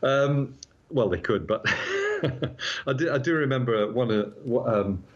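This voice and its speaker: A man's voice: mid-range voice, huge pitch swings, slow pace. Chuckling astronomer man explaining. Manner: explanatory, chuckling, self-deprecating. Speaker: astronomer guest. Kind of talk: casual chat. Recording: dull lo-fi sound.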